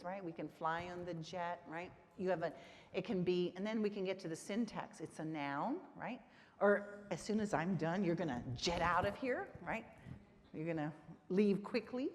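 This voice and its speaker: A woman presenting at a conference, her lower-pitched voice carrying through a reverberant hall. She keeps the audience engaged, checking in with "right?" as she teaches. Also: normal speed. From Texas. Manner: engaging, frequent "right?" tag questions to audience. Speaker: conference presenter on literacy instruction. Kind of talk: conference lecture.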